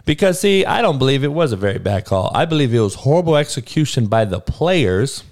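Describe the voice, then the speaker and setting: Man, podcast host, sports rant, profane, combative, repeats himself, mid pitch. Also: sing-song, fairly quick, darkish tone.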